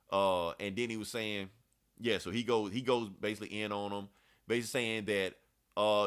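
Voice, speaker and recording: A man's voice: fairly low pitch, steady tone, fairly quick, fairly bright tone, clear, resonant tone. A man hosting a podcast, recapping a comic book in a loose, profane, chatty way. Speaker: podcast host. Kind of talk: casual comic book review chat.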